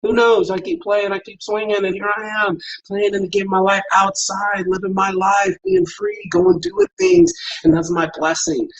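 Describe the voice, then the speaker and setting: A man's voice: high voice, level tone, normal speed, few pauses, a bit bright, dull audio. A middle-aged man hosting a morning livestream, giving a rambling, profane pep talk about facing fear while vaping. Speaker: livestream host.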